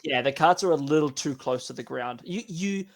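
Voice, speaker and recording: A man's voice: a little high, normal speed, creaky. A man running a tabletop game as game master, rambling with restarts. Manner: rambling, many fillers and restarts.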